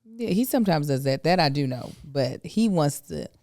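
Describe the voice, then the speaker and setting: A middle-aged woman co-hosting a podcast, chatting casually with an animated, teasing manner. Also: low voice, normal speed, dry recording, clean studio sound. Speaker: podcast co-host. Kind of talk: casual chat.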